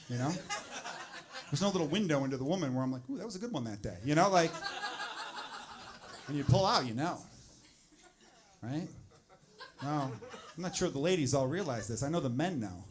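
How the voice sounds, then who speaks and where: Blunt high-voiced male stand-up comic. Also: moderate pace, long pauses, a crowd in the background. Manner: blunt, animated, acts out exasperated inner voices. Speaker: stand-up comedian. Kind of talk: stand-up comedy set. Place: comedy club stage with audience laughter. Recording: noisy live room with audience.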